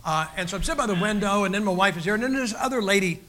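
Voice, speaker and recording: A man's voice: sits high, animated, racing, sharp tone. An older man, preaching a sermon in a folksy, joking style with many restarts. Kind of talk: sermon with humorous stories.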